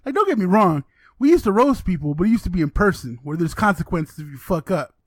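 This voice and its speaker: A man co-hosting a podcast, arguing his point in opinionated casual chat and swearing as he goes. His voice is high and swings widely. The recording is dry and close. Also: very animated, fast, dry recording. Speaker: podcast co-host.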